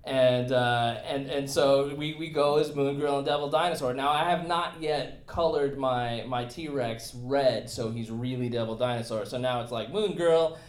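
A man's voice: medium pitch, steady tone, moderate pace, hardly any pauses. Rambling man hosting a casual chat. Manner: rambling, with many fillers and restarts. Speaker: podcast host. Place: convention venue. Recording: echoey room.

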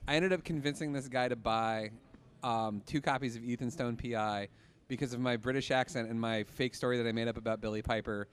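A man hosting a podcast, telling an animated story in casual chat and laughing as he talks. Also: medium pitch, a little fast, clear, resonant tone. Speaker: podcast host.

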